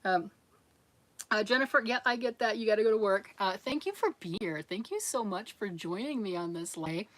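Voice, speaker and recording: A woman's voice: medium pitch, lively intonation, normal speed, a bit bright. A middle-aged woman casually chatting on a livestream, reading out viewer comments and answering them in a chatty, encouraging way with frequent laughs. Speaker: livestream host of a crochet channel.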